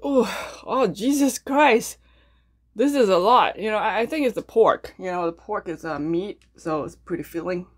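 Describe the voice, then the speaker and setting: A woman's voice: fairly low pitch, fairly quick, hardly any pauses. A young woman chatting casually to her viewers between mouthfuls as she hosts an eating video. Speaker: mukbang eating channel host.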